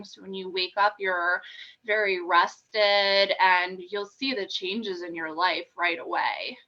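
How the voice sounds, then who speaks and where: A woman Reiki practitioner being interviewed, explaining her sessions in a calm, steady way. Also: mid-range voice, muffled recording. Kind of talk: casual interview talk.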